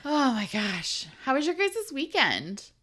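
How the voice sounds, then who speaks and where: A woman's voice: high-pitched, very animated, unhurried, fairly bright tone. A woman hosting a book podcast, opening the show and chatting casually with her co-hosts. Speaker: podcast host. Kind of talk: casual chat.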